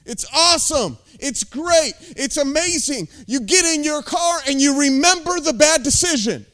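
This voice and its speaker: A man's voice: very high-pitched, expressive, measured pace, a bit bright. An American man preaching a sermon as lead pastor, intense and emphatic, with casual asides.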